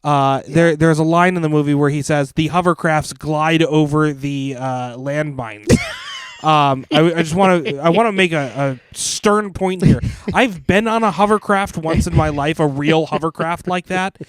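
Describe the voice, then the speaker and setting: A man's voice: fairly high pitch, moderate pace, smooth, no echo. A man co-hosting a casual podcast, making earnest, pointed remarks. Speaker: podcast co-host. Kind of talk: casual chat.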